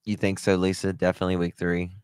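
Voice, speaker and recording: A man's voice: low voice, little pitch movement, quick pace, darkish tone, clean tone, dry recording. A man hosting a casual livestream, greeting chatters one by one and talking candidly, with some swearing. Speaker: livestream host. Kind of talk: casual live-stream chat.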